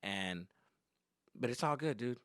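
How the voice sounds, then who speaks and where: A man who is a comedian and podcast host, telling stories in an animated, profane, casual way. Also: medium pitch, measured pace, smooth, no echo, clean studio sound. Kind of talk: comic storytelling.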